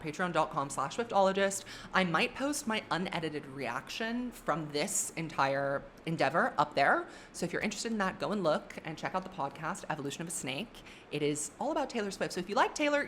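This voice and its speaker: A woman giving casual, gushing reaction commentary on songs, excitable and swearing freely. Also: fairly low pitch, slight background noise. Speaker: music reaction YouTuber.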